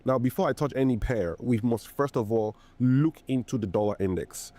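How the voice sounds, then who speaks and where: A man's voice: medium pitch, moderate pace, mellow. A man presenting a trading video in a hyped, preachy way. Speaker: trading educator.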